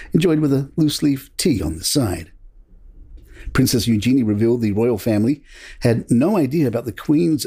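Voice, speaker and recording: A man hosting a podcast, reading royal news headlines from a script in a measured, steady way. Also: fairly low pitch, husky. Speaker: podcast host.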